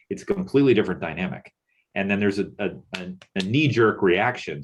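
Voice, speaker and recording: Speaking on a video-call panel, a middle-aged Texan muses aloud, loose and full of fillers. He has a deep, husky voice.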